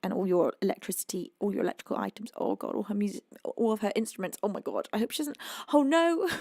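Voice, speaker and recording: British woman chatting on her music stream, gravelly voice, dry close sound, lots of oh my gods. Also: medium pitch, very animated, fast, warm tone, no room sound. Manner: chatty, exclaims often, reads chat aloud. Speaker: livestream music host. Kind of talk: casual chat with viewers. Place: home.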